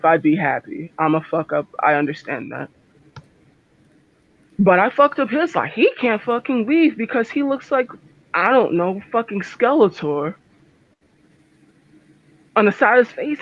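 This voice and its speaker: A man's voice: high-pitched, no echo. A man voicing a distraught, furious young werewolf medic who swears a lot and stammers. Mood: bitter. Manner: profane, stammering, swings between loud and muttered. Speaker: tabletop game player. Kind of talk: in-character role-play. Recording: dull dry lo-fi recording.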